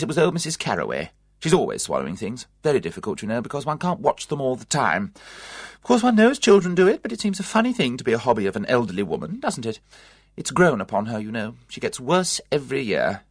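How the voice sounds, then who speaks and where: A reader voicing a cheerful, competent matron of about fifty, chatty, brisk and comfortable. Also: mid-range voice, sing-song, breathy edge, no room sound, clean studio sound, voice pushed up.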